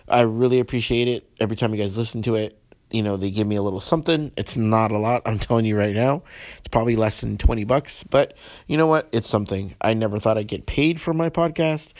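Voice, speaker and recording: A man talking into a close, dry podcast mic, venting about rude people with frequent curses and tangled restarts. His pitch sits in the middle range, and he moves from heated complaint to a quieter, more thankful tone. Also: dry recording. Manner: profane, rambling, frequent restarts; heated and exasperated, then calmer and lower. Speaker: podcast host. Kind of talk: casual solo podcast rant.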